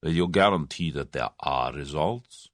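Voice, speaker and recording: A man voicing Boris, a cynical conspirator who speaks softly and sinisterly. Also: a bass voice, animated, a little slow, no room sound, clean studio sound, voice pushed down, exaggerated voice. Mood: sly. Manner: soft, sinister, amused.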